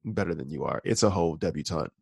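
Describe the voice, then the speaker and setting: A man's voice: rumbling low, expressive, fast talker, creaky, a little mellow, breathy edge, no echo. A man from the American South co-hosting a podcast, chatting casually and explaining his opinions at length. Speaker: podcast co-host. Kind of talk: casual chat.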